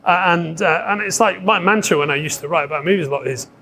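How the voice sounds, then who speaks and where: A man telling a long story in a casual podcast chat, animated, laughing often and swearing, with many restarts. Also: high voice, quick pace, creaky. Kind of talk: casual anecdote.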